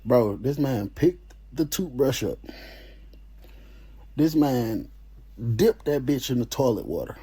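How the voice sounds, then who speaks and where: A man telling a story in a casual, animated way, full of slang and swearing. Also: medium pitch, slow, long pauses, breathy edge.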